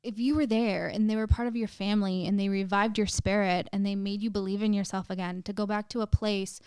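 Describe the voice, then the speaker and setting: Smooth-voiced young woman telling a story. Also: medium pitch, little pitch movement, a little fast, a little mellow, dry recording, studio quality. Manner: emotional, many "like" fillers, swearing. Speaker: podcast guest. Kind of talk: casual storytelling.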